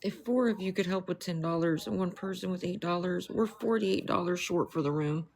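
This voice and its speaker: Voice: mid-range voice, a little fast, gravelly. A livestreamer in casual talk who apologizes often, keeps repeating the same plea for money, and turns bitter and angry toward a rival. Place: indoors with dogs.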